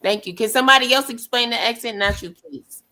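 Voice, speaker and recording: A woman with a high, bright, sharp voice jumps into a group chat. She is sarcastic and scolds others in a teasing way. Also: fairly quick.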